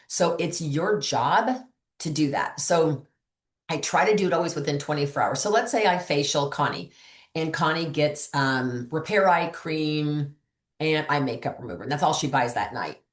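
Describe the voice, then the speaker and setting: A woman with a deep voice gives a casual training talk to other beauty consultants, chatty and animated as she acts out her conversations with customers. The sound is reverberant.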